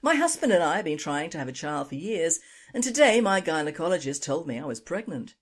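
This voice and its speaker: Woman as married woman at a bar, polite, chatty, low, lively. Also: fairly quick.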